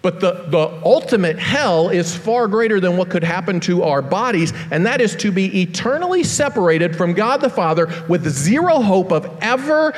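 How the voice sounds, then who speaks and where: A man delivering a sermon in a somewhat high voice, earnest and deliberate, slowing on the heavy lines. His voice rings with the long reverb of a large church hall. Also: animated. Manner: earnest, slows down for weight. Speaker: preacher.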